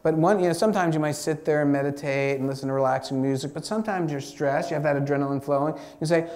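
A man, a doctor giving a mindfulness lecture to a live student audience, chatty and animated, acting out inner thoughts with lots of fillers. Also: fairly high pitch, fast talker, few pauses.

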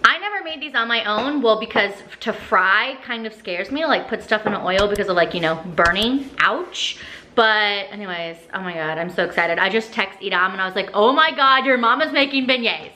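A young woman and mother chatting to camera in a casual family vlog, excitable and full of fillers like "so anyways". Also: mid-range voice, a little fast, noisy background.

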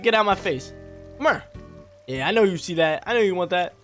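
Excitable young man narrating gameplay. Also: sits high, a little fast. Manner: excitable, slangy, bursts into loud yelps. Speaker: gaming channel host. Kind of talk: casual gameplay commentary. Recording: faint music under voice.

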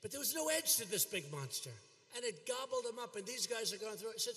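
An older man giving a rally speech, repeating himself and boasting as he shouts out to a crowd. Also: high voice, lively intonation, fast. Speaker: politician at a rally. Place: large arena. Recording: long hall reverb from an arena.

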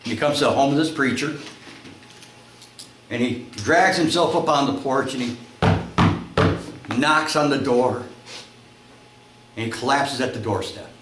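A male pastor preaching a sermon, telling a story and acting out its voices, climbing to shouts at the high points. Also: measured pace, long pauses. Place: church sanctuary. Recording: echoey church room, faint noise.

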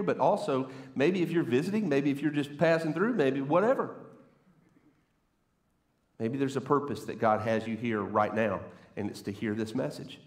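A man preaching a sermon from a church stage, playful and conversational, teasing the congregation as he talks. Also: a little high. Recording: roomy church echo.

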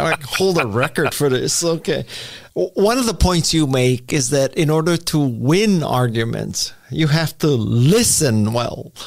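A man's voice: on the high side, no room sound, clean studio sound. A man hosting a podcast interview, asking questions in a playful, joking manner. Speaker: podcast host.

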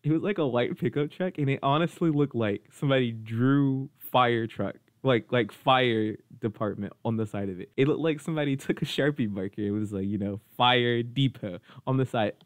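A young man casually telling a funny story, animated and slangy, saying bro a lot. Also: mid-range voice, a little fast, few pauses, no echo.

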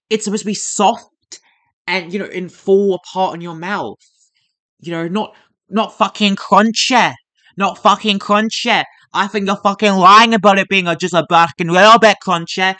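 A man's voice: high-pitched, steady tone, normal speed, pushed and bright. A man hosting a reaction video, swearing heavily and ranting in exasperated bursts. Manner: heavy swearing, exasperated rants. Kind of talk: casual reaction commentary.

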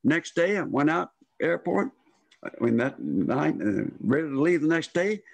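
A man's voice: a little high, sing-song, measured pace, creaky, dry recording. Older man telling a story, dry close mic. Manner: rambling, acts out quoted voices. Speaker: storyteller guest. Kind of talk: casual storytelling.

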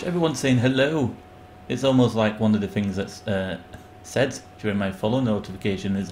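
Male streamer, rambling and self-mocking, a bit low-pitched, faint background hiss. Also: brisk, hardly any pauses, a little mellow. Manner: rambling, jokey, breaks into yelps when panicking. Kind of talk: live gameplay commentary.

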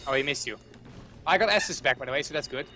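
A man's voice: mid-range voice, fast talker, bright, forceful tone, soft background music. A man hosting a co-op gaming session, chatting casually and teasing his partner. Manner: teasing, playful banter. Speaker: gaming channel host.

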